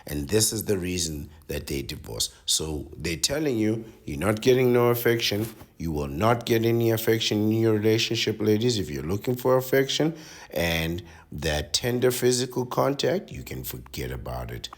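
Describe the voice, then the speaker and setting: A man's voice: fairly low pitch, expressive, moderate pace. A man reading out an article and reacting to it with sardonic commentary, lecturing his listeners and often adding "right?".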